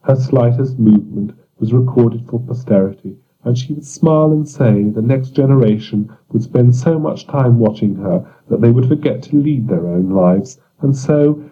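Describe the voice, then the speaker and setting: A man narrating surreal fiction in a measured, deliberate audiobook reading. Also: mid-range voice. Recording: dull lo-fi recording.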